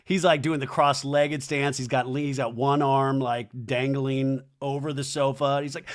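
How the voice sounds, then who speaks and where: A male podcast host chatting through a reality-TV recap in an animated, gossipy way. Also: mid-range voice, unhurried, hardly any pauses. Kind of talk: casual reality-TV recap commentary.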